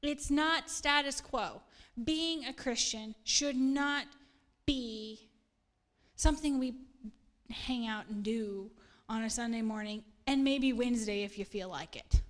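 A woman's voice: a little high, slow pace. A middle-aged woman pastor, preaching a casual sermon in an earnest, chatty way and laughing at herself now and then.

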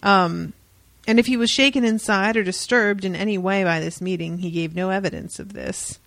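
This young woman, co-hosting a laid-back podcast about books, narrates a comedic tale peppered with dry, foul-mouthed remarks and voiced quotes. Her tone is gravelly and fairly bright, medium in pitch, delivered at a moderate pace without echo.

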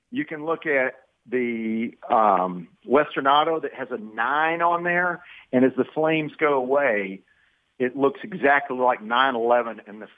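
A man's voice: medium pitch, no echo. A man calls in to a radio talk show, his voice squeezed thin by a tinny phone line. He rambles along in a folksy, colloquial way, and the line sounds dry with no room around it. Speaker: caller. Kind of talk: casual call-in chat. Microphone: telephone.

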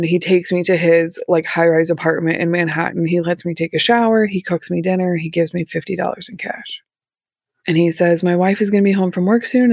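A woman recounting a hard personal story in an interview. Her voice has a gravelly, fried edge, and her telling is candid and raw, with a few nervous laughs. The sound is dry and close, with no room around it. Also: on the low side, a little mellow, no echo. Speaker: interview guest.

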